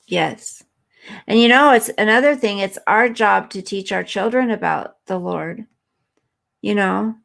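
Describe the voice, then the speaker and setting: A woman's voice: mid-range voice, a little slow, gravelly, a bit bright. A woman hosting a live stream, chatting earnestly and emotionally with viewers and reading their comments.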